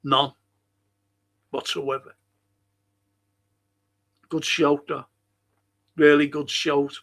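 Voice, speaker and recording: Older scouse fella rambling on his podcast, slow and gravelly, bit high. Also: little pitch movement, fairly bright tone. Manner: rambling, chatty, drawn-out. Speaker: podcast host. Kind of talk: casual chat reading listener messages.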